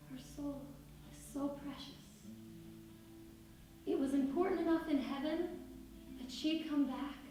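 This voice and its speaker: Woman doing gentle old rabbi, calm, reassuring, high, unhurried, echoey, distant, music behind.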